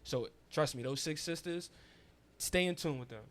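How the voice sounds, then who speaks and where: A man hosting a studio interview in a casual, slangy way, giving lots of shout-outs. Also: on the high side, normal speed. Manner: relaxed slangy talk, hypes up guests with shout-outs. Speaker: podcast host. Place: recording studio.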